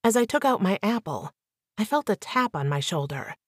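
Woman audiobook narrator, first-person novel, even delivery, dry close recording. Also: medium pitch, moderate pace, slightly rough, no room sound.

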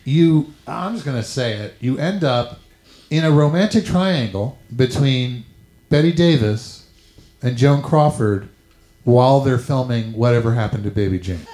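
Eager comedy host, echoey room. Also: male voice, mid-range voice, animated, warm tone. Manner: eager interviewer, quick interjections. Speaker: podcast host. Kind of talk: comedy podcast chat.

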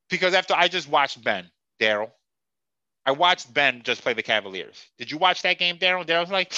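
A man's voice: on the high side, sing-song, brisk, bright, forceful tone, no room sound, dull audio. A man hosting a sports podcast who rants in a profane, sarcastic and heated way. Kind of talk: casual sports rant.

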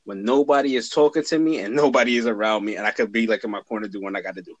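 A man's voice: fairly low pitch, rapid-fire, dry recording. A young man in casual chat on a podcast, talking bluntly and laid-back, swearing freely. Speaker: podcast co-host, cousin.

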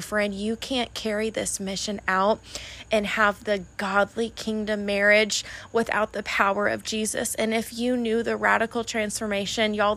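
A woman with a mid-range, fairly bright voice hosts a faith-based motivational podcast. She speaks fervently and emotionally, calling listeners honey and friend, and at times her voice wavers as if near tears.

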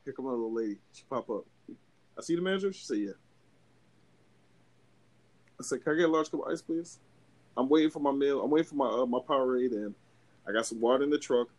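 A young podcast co-host talks fast at a medium pitch, leaving long pauses as he tells a drawn-out story. Cursing freely and full of energy, he acts out each voice from both sides.

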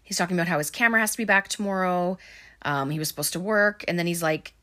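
A woman's voice: fairly low pitch, fast, pushed and bright. A woman giving a casual, chatty movie recap, full of ums and likes.

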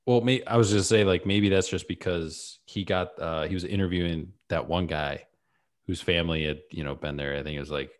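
Low-voiced laid-back male podcaster. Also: steady tone, brisk. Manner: laid-back, explaining with many fillers. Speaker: podcast co-host. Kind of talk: casual chat.

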